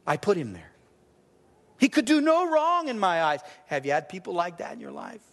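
A middle-aged man preaching a sermon, telling a personal story and swinging between loud and hushed. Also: high voice, wildly swooping pitch, normal speed. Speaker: pastor. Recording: reverberant hall.

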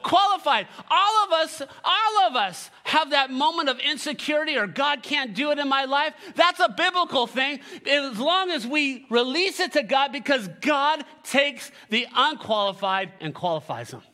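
A male pastor preaching a sermon, animated and joking, with sarcastic asides, reading scripture aloud and leading the congregation. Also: very high-pitched, moderate pace, hardly any pauses.

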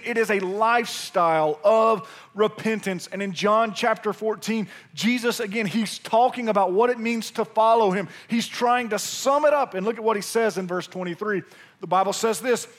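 A man with a Mississippi Southern accent preaching a sermon in a folksy, humorous storytelling way. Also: high voice. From Pearl, Mississippi. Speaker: pastor.

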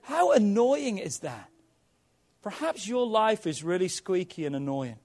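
A male pastor with a notably high voice delivers a sermon. He leans on rhetorical questions and strings of repeated phrases to drive each point home. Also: sing-song, measured pace, darkish tone. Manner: preaching with rhetorical questions and repetition.

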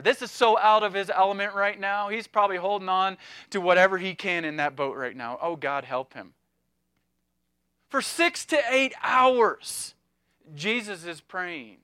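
A man preaching with a high, bright voice in an animated, chatty way, full of asides and jokes. The sound is dry and close, with no room around it. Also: smooth, no room sound. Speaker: pastor. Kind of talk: sermon.

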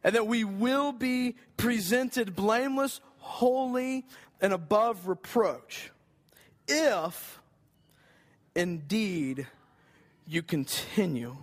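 A man's voice: high-pitched, very slow, long pauses. A man preaching a sermon in an earnest, conversational way, rising for emphasis. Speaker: pastor.

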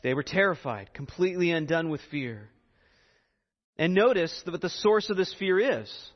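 A man preaching in slow, emphatic, expository phrases, his voice sitting a little high for a man. The sound is dull and muffled, and a long reverb hangs behind him as if in a large hall. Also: animated. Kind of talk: sermon.

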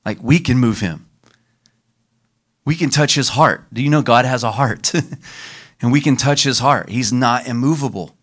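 A man preaching a sermon as pastor, leading the congregation in call-and-response and slowing down for emphasis. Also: medium pitch, a bit bright. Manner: leads the congregation in call-and-response, varies his pace for emphasis.

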